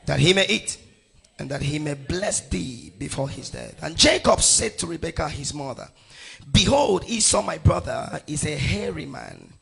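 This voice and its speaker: A middle-aged man from Nigeria preaching, reading scripture aloud with his congregation. His voice is gravelly and husky, with bright, forceful edges. He swings widely in pitch, calling out verses and rising to shouts. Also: expressive, normal speed. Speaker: pastor.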